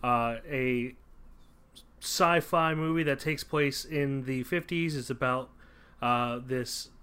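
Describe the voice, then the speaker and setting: A man's voice: medium pitch, slow pace, a bit bright, smooth. A man co-hosting a casual movie podcast from a room at home with poor acoustics. He rambles, with lots of fillers and restarts. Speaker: podcast co-host.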